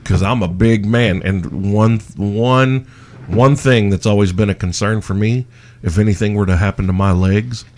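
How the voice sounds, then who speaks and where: A man's voice: lowish voice, fairly even intonation, normal speed, a little mellow. A man hosting a podcast in casual chat, swearing freely and rambling as he tells stories. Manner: profane, rambling storyteller. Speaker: podcast host.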